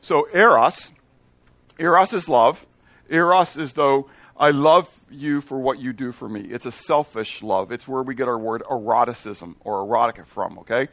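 A man's voice: medium pitch, moderate pace, fairly bright tone, no room sound. A male pastor preaching a sermon, often asking the congregation questions and answering them himself, with playful asides in made-up words.

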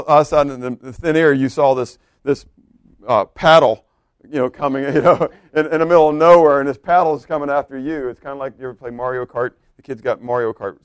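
A man's voice: mid-range voice, no echo, clean studio sound. A man preaching a sermon in a loose, conversational way, asking the congregation questions and laughing now and then. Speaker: pastor.

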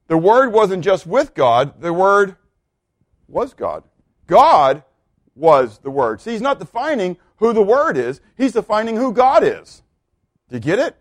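A man's voice: on the high side, normal speed, no room sound, studio quality. A man preaching a sermon, teaching from the Bible and asking questions that he answers himself. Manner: animated, asks questions and answers them.

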